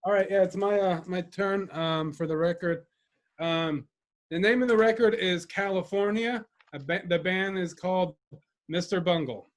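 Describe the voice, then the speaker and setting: A man's voice: high-pitched, moderate pace. A young man co-hosting a podcast in laid-back casual chat, with lots of ums and easy laughs. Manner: laid-back, filler-heavy, laughs along. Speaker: podcast co-host.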